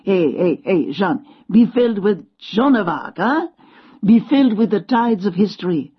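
A woman voicing a playful old Frenchman with a French accent, mentoring a teenager in slow, coaxing speech. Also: medium pitch, lively intonation, husky. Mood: enthusing. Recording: dull lo-fi sound.

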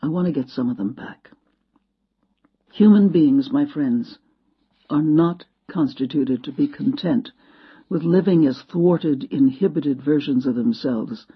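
Woman speaker, inspirational storyteller, husky and expressive, dull lo-fi recording. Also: low-pitched, measured pace. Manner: expressive, dramatic, acts out quotes. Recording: dull lo-fi sound.

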